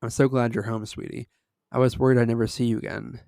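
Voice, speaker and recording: A man's voice: mid-range voice, little pitch movement, quick pace, vocal fry, a little mellow, dry recording, clean studio sound, close to an everyday voice. A man reading aloud, voicing a tearful, relieved mother who soothes her child. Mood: soothing.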